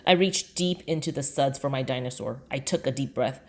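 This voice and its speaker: A woman's voice: rumbling low, a little fast, a little mellow. A woman reading a children's chapter book aloud in a plain storytelling delivery. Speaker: reader.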